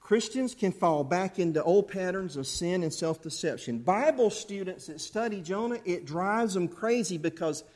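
A man preaching a sermon to his church, animated, acting out angry outbursts along the way. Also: high voice, normal speed, few pauses. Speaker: pastor. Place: church sanctuary.

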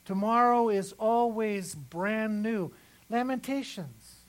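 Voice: medium pitch, slow, low-quality recording. A pastor preaching a sermon in a conversational way, repeating phrases for emphasis at a church service.

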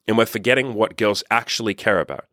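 A man's voice: fairly low pitch, fast talker, a bit bright, dry recording, studio quality. A man talking as a dating coach, giving blunt, profane, emphatic advice straight to his viewers. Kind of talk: direct-to-camera advice monologue.

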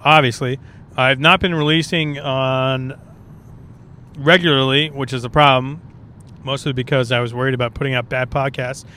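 With a medium-pitched, bright and forceful voice, a man who does stand-up delivers a loose, swearing, easygoing solo podcast monologue while on the road.

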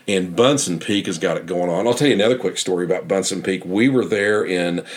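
A man's voice: sits low, fairly quick. A man narrating a casual guided tour as a guidebook author, rambling and enthusiastic.

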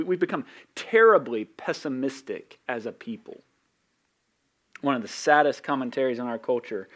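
A middle-aged man with a Southern accent, a pastor giving a sermon in a conversational, self-deprecating way. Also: mid-range voice. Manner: conversational, self-deprecating, with quick acted asides.

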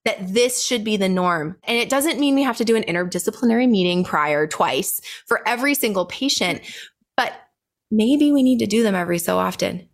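Young adult woman, birth coach, passionate and emphatic, middle pitch, casual podcast talk. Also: expressive, fairly quick.

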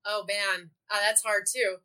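Bright-voiced animated woman guest. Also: mid-range voice, a little slow. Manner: animated, laughs often while telling stories. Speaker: guest, program director. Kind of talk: casual interview chat.

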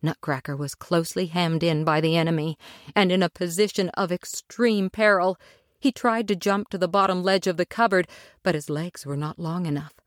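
Expressive woman reading a storybook. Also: on the low side, moderate pace, no echo, clean studio sound. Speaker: narrator.

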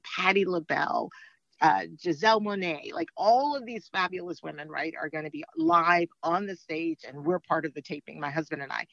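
A woman guest telling stories in an interview, lively and quick to act out the voices she quotes. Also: no room sound. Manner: lively storyteller, swings high for quoted speech. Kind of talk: storytelling in a podcast interview. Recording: dry, dull lo-fi sound.

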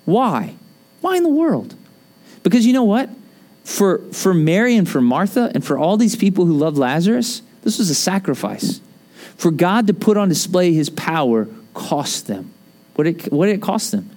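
A man with a fairly high voice preaches a sermon the way he would talk to friends. He is chatty and quick with jokes, and his delivery stays animated. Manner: conversational, joking, animated. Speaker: pastor.

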